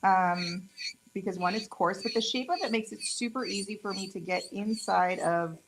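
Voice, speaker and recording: A woman with a Mexican accent talks through a nail demo in a relaxed, joking way, breaking off into playful asides. Her voice has some gravelly fry to it, and a faint noise sits under the recording. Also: medium pitch, normal speed. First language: Spanish. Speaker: nail tech demonstrating products. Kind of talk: casual live product demo.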